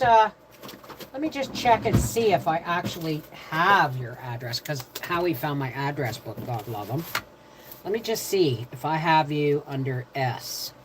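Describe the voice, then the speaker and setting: A woman's voice: fairly low pitch, noisy background. An older woman hosting a casual live stream from home, greeting viewers by name and telling rambling stories. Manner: quiet prayerful tone. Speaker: livestream host.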